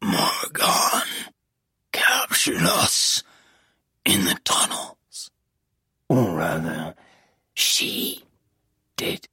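Whispered role-play, reader doing a haunted guy, raspy breathy whisper, goes up and down a lot, slow. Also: low voice, lively intonation, dry recording, voice pushed down, full character voice. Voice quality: husky, gravelly whisper. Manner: halting, hushed, grave. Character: haunted young male captive, broken and guilt-ridden.

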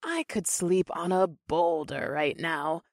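A man's voice: fairly high pitch, slow pace, gravelly, no room sound, studio quality, pitched above the performer's own voice. A man voicing a fierce young redheaded warrior woman who talks in a blunt, casual way. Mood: contented.

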